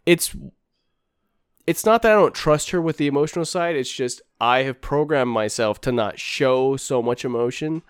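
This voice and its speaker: Male podcast host, mid-range voice, chatty and animated storyteller, close dry mic. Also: medium pitch, moderate pace, smooth, no echo. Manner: animated storyteller, acts out quotes. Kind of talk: casual chat.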